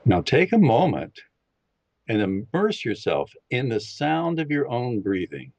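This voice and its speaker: A man on a podcast who guides listeners through a meditation, speaking in a calm, slow and instructive way. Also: medium pitch, no room sound. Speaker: podcast guest leading a meditation. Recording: dull lo-fi, dry sound.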